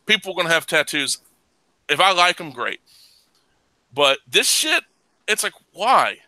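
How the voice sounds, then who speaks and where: A man hosting a casual podcast chat, ranting with heavy profanity and bursting into loud laughs. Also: a little high, very animated, a little slow, no echo, poor audio. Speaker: podcast host.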